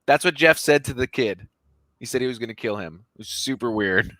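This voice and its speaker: Male co-host, animated storyteller, mid-pitched, very dry sound. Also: a little fast, dry recording. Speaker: podcast co-host. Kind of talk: casual podcast chat.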